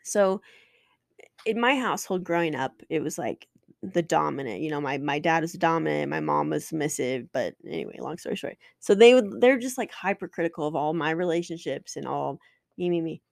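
A woman's voice: sits low, lively intonation, fairly quick, gravelly, dry recording, studio quality. A woman in her twenties, a podcast host telling a personal story candidly and emotionally, swearing and restarting often.

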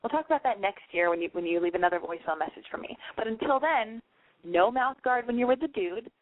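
A woman's voice: a little high, expressive, fast talker, no room sound. Casting: woman radio host, brash and profane, a bit tipsy, dry phone-like lo-fi sound. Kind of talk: casual advice call-in show.

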